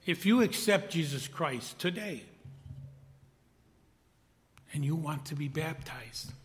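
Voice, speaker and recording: A man delivers a slow, deliberate sermon in a somewhat high voice, reading scripture aloud. He builds to loud emphatic peaks, then drops to a near whisper. His voice rings out with a long reverb from a large hall. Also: animated, slight background noise. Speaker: preacher.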